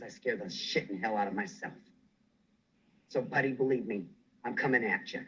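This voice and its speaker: Furious, husky man ranting on a stream. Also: mid-range voice, pushed and bright, lo-fi sound. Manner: furious, threatening, swearing. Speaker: guest on a livestream. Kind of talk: angry livestream rant.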